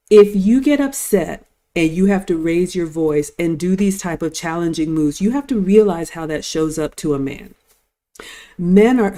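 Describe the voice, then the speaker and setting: A woman's voice: lowish voice, warm tone. An older woman hosting a live-stream reaction, commenting and giving advice to viewers in a lecturing tone. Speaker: host.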